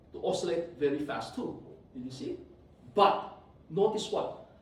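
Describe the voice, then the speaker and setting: Male lecturer, lively and teasing, slightly high voice, echoey hall, distant mic. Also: slight background noise. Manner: animated, teasing, asks "did you see?" often. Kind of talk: live classroom lecture with live coding. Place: classroom.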